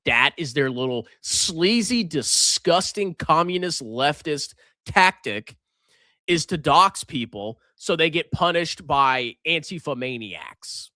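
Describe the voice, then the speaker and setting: A man's voice: a little high, animated, measured pace, pushed and bright, dry recording. A man hosting a livestream, ranting in a sarcastic, combative, mocking way. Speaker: livestream host.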